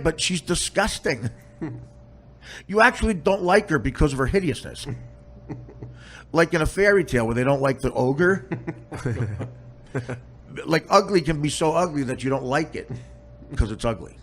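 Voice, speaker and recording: A man's voice: on the high side, very animated, normal speed, long pauses, a bit bright. A man hosting a podcast who tells crude, comic stories in a casual way, often laughing as he talks. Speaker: podcast host. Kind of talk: comic storytelling.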